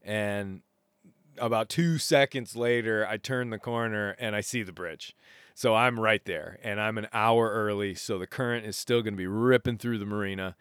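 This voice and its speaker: A man hosting a podcast, casually retelling an adventure in a rambling, animated way with self-interrupting restarts. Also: lowish voice, normal speed, smooth, no echo, clean studio sound. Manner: rambling, animated retelling with laughs and acted quotes. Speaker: podcast host. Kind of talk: casual storytelling monologue.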